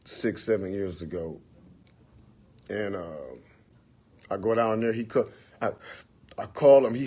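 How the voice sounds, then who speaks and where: A man in his forties telling a long, profane story on a livestream, acting out the quotes in bursts of loud, animated talk. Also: lowish voice, unhurried, long pauses, breathy edge. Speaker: livestream host. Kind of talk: casual storytelling.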